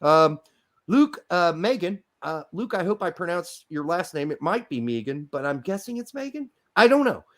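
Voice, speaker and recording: Animated ranting man with a high voice. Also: normal speed. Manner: animated, ranting, self-mocking. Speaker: podcast co-host. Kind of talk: casual ranting chat.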